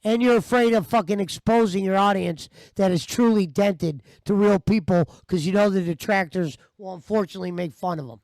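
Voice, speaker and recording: A man with a strikingly high voice rants in heated, profane bursts, mocking the clips he reacts to. The sound is dry and close, with no room around it. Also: a little fast, few pauses, darkish tone, dry recording. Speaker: commentary host. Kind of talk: ranting commentary over stream clips.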